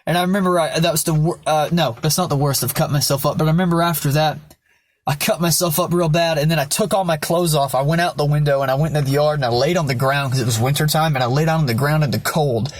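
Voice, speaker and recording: A man's voice: fairly high pitch, quick pace. A young man telling his personal backstory in a candid vlog, blunt and rambling, with lots of swearing. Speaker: vlogger.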